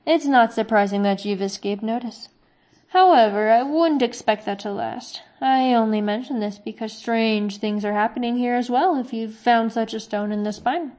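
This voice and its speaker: A woman voicing a cautious male traveling trader in a storybook reading, speaking in a measured, explaining way. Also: on the high side, a little mellow, close to an everyday voice. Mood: grave.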